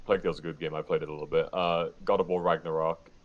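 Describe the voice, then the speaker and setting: A man in a casual podcast chat, relaxed and rambling as he lists details. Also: very deep voice, rapid-fire, muffled recording.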